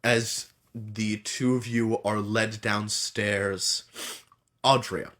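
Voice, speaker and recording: A man's voice: lowish voice, flat delivery, drawn-out words, fairly bright tone. A man narrating as game master in a tabletop game, laid-back and descriptive with frequent ums.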